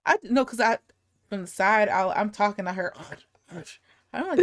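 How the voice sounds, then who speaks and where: A woman's voice: mid-range voice, fairly bright tone, no echo, studio quality. Blunt, joking woman podcast host. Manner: blunt, profane, jokey with quick asides. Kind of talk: casual chat.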